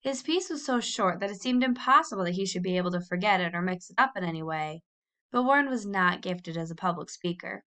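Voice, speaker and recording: Woman reading a kids' novel out loud, lively storyteller, brightens up for the kids' lines. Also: on the low side, fairly quick. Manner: lively storytelling, lifting her voice for the children's quoted lines. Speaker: audiobook reader. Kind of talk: scripted narration of a children's novel.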